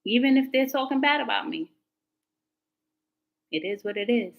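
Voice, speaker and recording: A woman's voice: fairly high pitch, animated, normal speed, vocal fry, poor audio. A woman tarot reader talking casually to her livestream viewers, candid and slangy. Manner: chatty and candid, slangy, talks back to chat comments.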